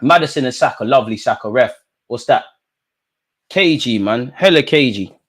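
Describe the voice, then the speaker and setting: A young man reacting live to a football match, talking to players and the referee, swinging between low mutters and high shouts. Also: lively intonation, normal speed. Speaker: football watchalong streamer.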